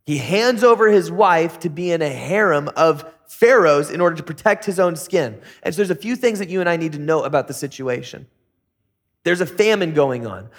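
Jokey middle-aged male pastor preaching. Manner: conversational, jokey asides with sudden high-pitched bursts. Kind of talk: sermon.

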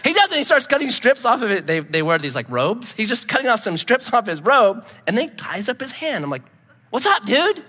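Male preacher, animated storyteller, bright, sharp tone in a reverberant hall. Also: sits high, a little fast, hardly any pauses. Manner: animated storytelling, acts out his own shouts. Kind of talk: sermon with a story.

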